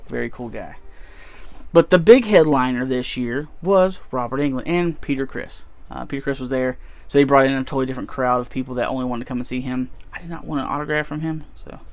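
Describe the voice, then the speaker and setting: In a dry recording, a man with a medium-pitched, slightly mellow voice talks quickly about his convention haul. His vlog is a casual, wandering chat loaded with fillers.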